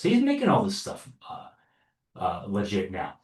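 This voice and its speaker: A man's voice: lowish voice, wildly swooping pitch, a little slow. A man giving sarcastic, loose political commentary with many fillers and restarts, recorded from a distance in an echoey room. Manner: sarcastic, wry asides. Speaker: online news commentator. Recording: roomy echo, distant from mic.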